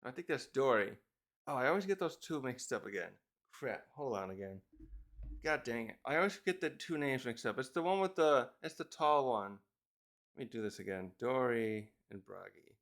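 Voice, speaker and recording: A man's voice: mid-range voice, animated, normal speed, a bit bright. A man giving a casual, rambling chapter review, thinking aloud and correcting himself as he goes. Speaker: manga reviewer.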